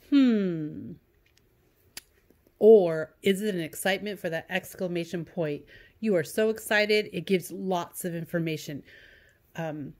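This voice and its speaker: A woman teacher giving a recorded lesson to young students, patient, reading example sentences in a sing-song way. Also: on the low side.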